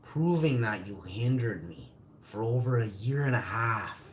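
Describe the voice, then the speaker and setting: A man's voice: lowish voice, expressive, unhurried, a little hiss or hum. Angry, swearing forty-year-old male streamer. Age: 40s. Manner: profane, bitter, ranting. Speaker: live streamer. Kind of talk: angry live-stream rant. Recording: echoey room, faint ambience.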